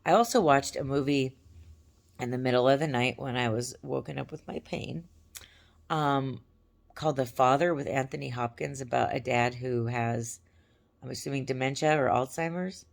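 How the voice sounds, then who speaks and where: A woman vlogging to her camera from her couch at home, chatting in a rambling way, her voice crackly and hoarse. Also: extremely low pitch, moderate pace. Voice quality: gravelly. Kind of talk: casual chat to camera.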